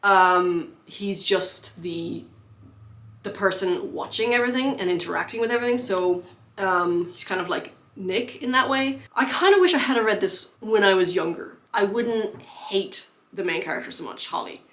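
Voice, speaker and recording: A woman's voice: mid-range voice, lively intonation, moderate pace, fairly bright tone. A young adult woman chatting casually about books as a vlogger, with many fillers and frequent laughs. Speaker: book vlogger. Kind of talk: casual book chat.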